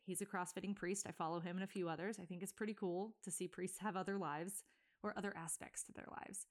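A woman's voice: fairly low pitch, fairly even intonation, fast. A woman in her thirties from Virginia hosting a podcast, chatting loosely with many fillers and self-corrections, a little out of breath. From Virginia, USA. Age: 30s. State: a bit out of breath. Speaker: podcast host. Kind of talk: casual solo podcast intro.

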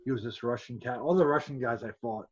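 A man's voice: mid-range voice, fast talker, husky, lo-fi sound. A man, a former fighter, telling rambling stories as a podcast guest, stumbling and restarting often and acting out other people's lines. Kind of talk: casual storytelling.

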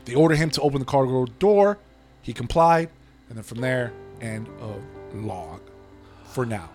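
A man co-hosts a podcast in a mid-range voice at normal speed, with soft music playing behind him. Chatting casually, he retells a story, swearing freely and acting out the quotes in an animated, profane way.

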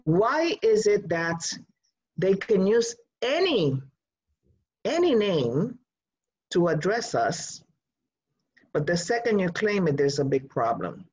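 A woman from Rico, telling a personal story in an animated, emphatic way. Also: on the low side, slow, pauses often, husky, lo-fi sound. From Puerto Rico.

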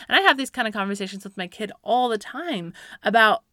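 A mother talks other parents through faith-based parenting advice in a casual, encouraging way. She laughs lightly and fills gaps with "you know" and "right". Her voice is bright and forceful, and the recording is close and dry with no room sound. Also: a little high, lively intonation, brisk, no echo. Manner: earnest and encouraging, with light laughs and filler words. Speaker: Christian parenting speaker, mother.

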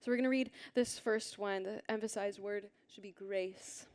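A woman preaching a sermon in a church, earnest and gentle, often sinking into a soft near-whisper. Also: mid-range voice, steady tone, normal speed. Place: church hall with a congregation.

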